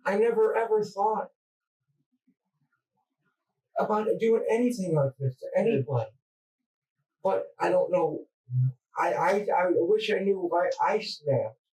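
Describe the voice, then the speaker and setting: A man's voice: high-pitched, animated, darkish tone. Distressed man confessing, heard from afar. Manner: halting, distressed, stammering restarts. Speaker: murder suspect under interrogation. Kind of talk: police interrogation confession. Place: police interview room. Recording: distant mic in interrogation room.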